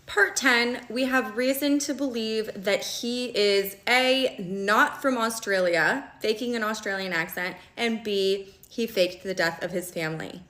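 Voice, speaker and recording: A young woman telling a story in a casual vlog, animated and fast, with constant "like" and "okay?" checks. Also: mid-range voice, roomy sound. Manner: animated, fast and conversational, heavy use of "like" and "okay?". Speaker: storyteller recounting a relationship.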